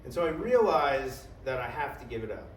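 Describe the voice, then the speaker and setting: A man telling a comic story in an animated, profane style, full of "like" and "right?". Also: mid-range voice, brisk, slight background noise. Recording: echoey room, distant mic, faint ambience.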